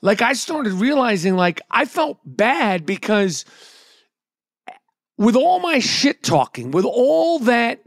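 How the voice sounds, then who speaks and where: A man's voice: extremely high pitch, very animated, slow pace, dry recording, clean studio sound. A middle-aged man, hosting a podcast, telling stories in a brash, profane way. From New York. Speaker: podcast host and comedian. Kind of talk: casual podcast chat.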